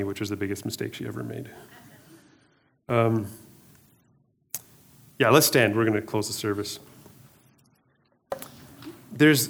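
A middle-aged male pastor giving a casual sermon in a conversational way, often repeating words and restarting, with joking asides. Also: fairly low pitch.

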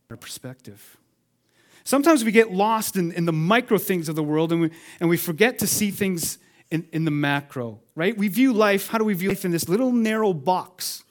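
A pastor with a fairly high male voice preaches a sermon, alternating loud, emphatic lines with hushed ones and calling on the congregation to respond.

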